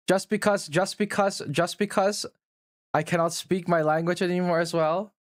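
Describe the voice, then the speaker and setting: A man's voice: high voice, steady tone, unhurried, no room sound, studio quality. A man livestreaming and answering chat in a blunt, profane, teasing way.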